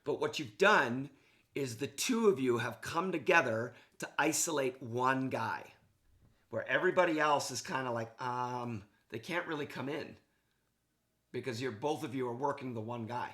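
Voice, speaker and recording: A male coach breaks down hockey game video for a player in an easygoing, eager voice-over, dropping frequent "okay"s and "right"s. His pitch is mid-range and his speed normal.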